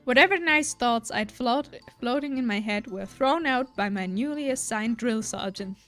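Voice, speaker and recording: A young woman streaming a dating game, reading narration and tossing in jokes. Her voice sits slightly high, and soft music plays underneath. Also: moderate pace. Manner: playful, joking asides. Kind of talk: reading a visual novel aloud on stream.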